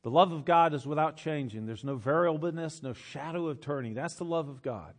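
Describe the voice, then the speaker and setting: Male pastor, sermon delivery, emphatic with repeated phrases, slightly higher voice. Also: fairly quick. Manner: emphatic, repeats phrases for effect, laughs often.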